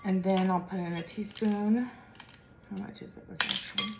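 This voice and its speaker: A woman's voice: mid-range voice, fairly even intonation, normal speed, creaky, very noisy. Chatty American woman cooking in a kitchen. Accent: General American. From Midwestern or Western United States. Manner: chatty and rambling, thinking aloud while cooking. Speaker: home cook. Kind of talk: casual cooking vlog. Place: home kitchen. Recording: echoey kitchen with clattering dishes.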